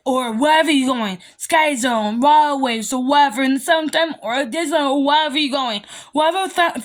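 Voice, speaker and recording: A young adult woman vlogging parenting advice in a rambling, emphatic, repetitive way. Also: high voice. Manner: rambling, emphatic, repeats herself. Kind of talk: casual monologue.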